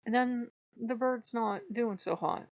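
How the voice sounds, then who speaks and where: A woman's voice: a little high, unhurried, dry recording, muffled recording. A woman telling a story aloud in a casual, conversational way, speaking straight to the listener with fillers and restarts.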